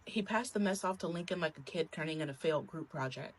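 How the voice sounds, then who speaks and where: Husky lowish woman reading a snarky script, punchy lines. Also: fast talker, low-quality recording. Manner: sarcastic, punchy delivery. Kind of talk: scripted narration.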